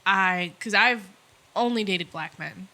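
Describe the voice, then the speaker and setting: A woman's voice: medium pitch, measured pace, sharp tone. A woman co-hosting a podcast, talking candidly and loosely in casual chat, swearing freely. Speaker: podcast co-host.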